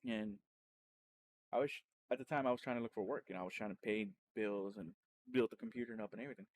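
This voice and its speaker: A man's voice: on the low side, quick pace. Rambling man telling his streaming story. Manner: rambling, with many restarts and self-corrections; animated when retelling excited moments. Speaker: streamer and podcast host. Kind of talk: casual personal storytelling.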